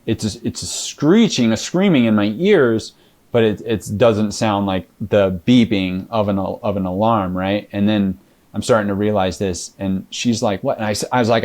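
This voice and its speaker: Low-voiced man telling a story. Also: moderate pace, a little mellow. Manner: rambling, many fillers and restarts. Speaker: interview guest. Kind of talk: casual storytelling interview.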